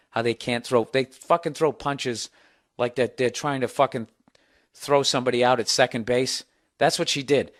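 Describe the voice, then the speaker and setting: Profane ranting man telling a story. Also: mid-range voice. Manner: profane, sarcastic, animated. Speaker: podcast host. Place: home.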